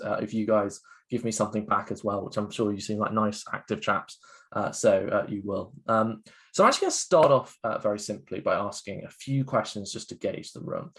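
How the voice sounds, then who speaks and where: A man's voice: lowish voice, brisk. A man giving an interactive online talk as a guest speaker, chatty and upbeat with many fillers, heard over a video call. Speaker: guest speaker, education co-founder.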